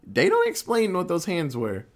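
A man casually recapping a film plot, swearing freely and acting out the characters' lines in quick put-on voices. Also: high-pitched, huge pitch swings. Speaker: podcast co-host recapping a film. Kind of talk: casual chat.

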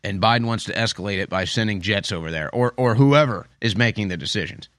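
A man's voice: on the low side, fast, a bit bright, dry recording. Sarcastic guy ranting commentary, repeats himself a lot, dry close mic. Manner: emphatic, sarcastic, repeats phrases. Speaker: political commentator. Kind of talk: opinion commentary monologue.

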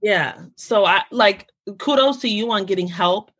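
A young adult American woman hosting a podcast, talking casually and telling stories in an animated way. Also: mid-range voice, measured pace, breathy edge. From United States. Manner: animated storytelling, quotes relatives in lively voices. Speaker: podcast host. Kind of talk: casual conversation.

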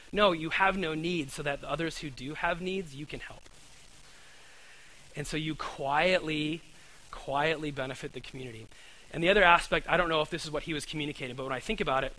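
A man's voice: on the high side, pushed and bright, rough recording. A man preaching a conversational sermon, earnest, often repeating words and asking his listeners "right?".

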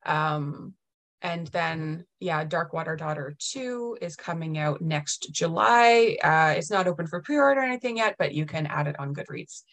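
A woman with a slightly low voice talks as a guest author in a relaxed interview. She speaks with warm enthusiasm, leaning on "like" and "um" as she goes. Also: normal speed. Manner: enthusiastic, many "like" and "um" fillers. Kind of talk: casual interview chat.

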